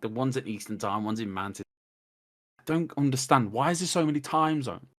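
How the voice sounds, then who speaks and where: An English man of average pitch talks on a podcast, piling story onto story with excited restarts. He swears freely and laughs at himself. His voice comes through a cheap microphone over a video call. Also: brisk. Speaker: podcast guest. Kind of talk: casual chat. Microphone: cheap desktop mic on a video call.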